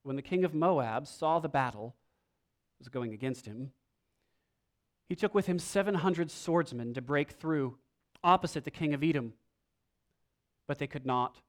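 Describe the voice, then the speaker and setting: Expressive preacher, a man with a slightly high voice. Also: unhurried, pauses often. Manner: expressive, shifts between emphatic and hushed; reads scripture aloud. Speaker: pastor. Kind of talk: sermon.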